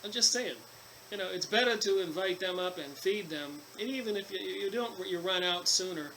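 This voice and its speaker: A man's voice: sits high, fairly quick, pushed and bright, a little hiss or hum, rough recording. A man reading from a book and breaking off into long rambling asides, with many fillers and restarts. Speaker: channel host reading and commenting on a book. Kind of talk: casual book commentary mixing reading aloud and rambling asides.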